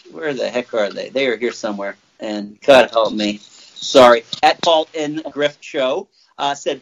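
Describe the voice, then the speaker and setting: A man's voice: medium pitch, slight background noise. Rambling male podcast host, muffled sound. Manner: rambling, loose and jokey, with many fillers. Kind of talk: casual chat.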